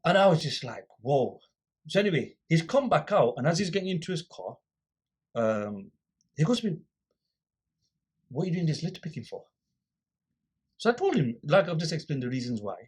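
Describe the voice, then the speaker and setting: A man's voice: a little high, a little fast, husky. A man guest on a podcast, casually telling a story and acting out the people in it. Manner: animated storyteller acting out quoted exchanges.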